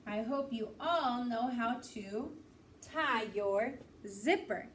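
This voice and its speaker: A woman with a fairly high voice leads a phonics lesson for small children, sounding words out slowly and cheering them on. She is a little off-mic, with faint room noise behind her. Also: distant mic. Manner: slow, clear, encouraging teacher talk. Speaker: teacher.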